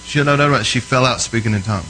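A man preaches in an easy, chatty way, telling stories with earnest emphasis. His voice sits at an ordinary middle pitch. A faint hiss of noise sits under the recording. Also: quick pace, sharp tone, low-quality recording. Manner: conversational, checks in with the listener often. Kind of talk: storytelling sermon.

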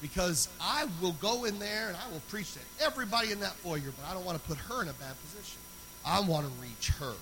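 A man preaching a sermon, moving between loud, sung exhortation and quiet, conversational storytelling. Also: high-pitched, animated, fast talker, poor audio.

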